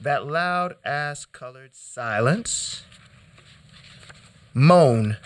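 A man giving a live poetry reading in a chanting, rhythmic delivery, stuttering over repeated words, dropping to hushes and breaking into sudden shouts. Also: on the high side, animated, unhurried. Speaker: poet. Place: hall.

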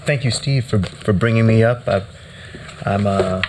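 A man giving a live poetry reading in a chanting, rhythmic delivery, stuttering over repeated words, dropping to hushes and breaking into sudden shouts. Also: lowish voice, a little slow, noisy background. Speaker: poet. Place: hall.

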